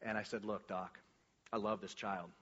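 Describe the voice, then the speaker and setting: A man shares a personal testimony before a congregation, with a bright, forceful voice. He rambles and restarts often, then acts out quoted lines with energy. The recording is dull and muffled, with long reverb from a church hall. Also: lowish voice, flat delivery, normal speed, breathy edge. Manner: rambling storytelling with many restarts and filler words. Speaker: church speaker sharing a testimony.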